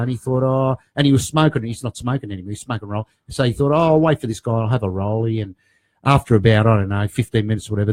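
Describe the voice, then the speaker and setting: A man in casual chat, telling a story in a lively, jokey way and acting out the quotes. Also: fairly low pitch. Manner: lively, jokey, tells stories with voiced quotes. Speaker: guest, storyteller.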